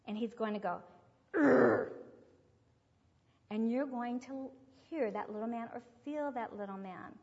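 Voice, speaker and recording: A woman giving a sermon, teaching through stories and acting out the voices of people she quotes. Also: medium pitch. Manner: animated storyteller who acts out quoted voices. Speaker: religious speaker. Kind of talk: sermon with storytelling. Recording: dull lo-fi recording in a reverberant hall.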